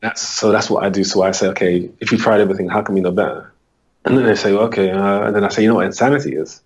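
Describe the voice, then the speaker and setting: In an interview, a man with a lowish, slightly rough voice describes his work as a holistic coach. He explains his approach patiently yet briskly in a conversational way, acting out the dialogues he has with clients.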